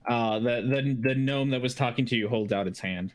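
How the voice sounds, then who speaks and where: Halting male game master. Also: medium pitch. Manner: hesitant, many restarts and fillers. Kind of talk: narrating a tabletop game.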